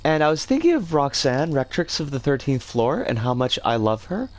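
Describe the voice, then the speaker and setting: Medium-pitched and sing-song, the streamer talks at a moderate pace while putting a level together. Conversation wanders between building and reading chat aloud, with frequent self-corrections and tripped-up words.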